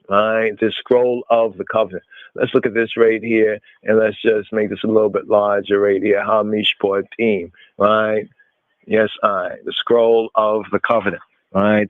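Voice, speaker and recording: With a fairly low voice carried over a dry, narrow-band call-in phone line with no room sound, a radio host teaches Torah. He explains scripture, peppers in Hebrew terms, and keeps asking "right?" to check in with listeners.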